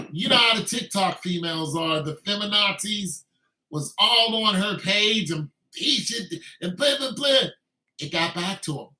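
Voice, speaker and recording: A man's voice: high-pitched, bright, forceful tone. A man delivering an emphatic, repetitive, scolding rant as a video commentator. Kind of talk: ranting commentary. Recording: echoey room.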